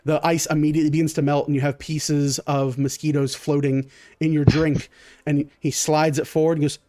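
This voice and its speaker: A man's voice: fairly high pitch, flat delivery, normal speed, dark tone, no room sound, studio quality. Man improvising as game master. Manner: improvised, vivid descriptions. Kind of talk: narrating a tabletop game.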